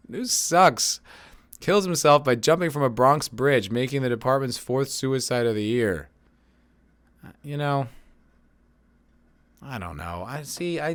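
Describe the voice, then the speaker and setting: A man hosts a solo podcast, reading headlines and riffing on them with dry sarcasm and plenty of swearing. His voice sits at an ordinary middle pitch, recorded close on a streaming mic in a dry, dead room. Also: fairly bright tone, dry recording. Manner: sarcastic, rambling, swears freely. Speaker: podcast host. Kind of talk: casual solo commentary reading news.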